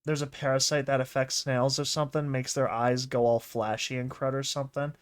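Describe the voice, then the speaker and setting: A man's voice: medium pitch, level tone, fairly quick, clear, resonant tone. A man casually reading a horror comic aloud, breaking off with chatty, exclaiming and mocking asides. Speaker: narrator and reactor.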